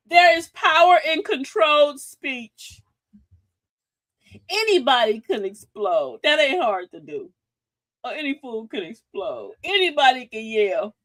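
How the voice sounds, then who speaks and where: Lively high-voiced woman, sassy and preachy. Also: a little slow, no echo. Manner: folksy, sassy, preachy, laughs often. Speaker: livestream host. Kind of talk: casual motivational talk.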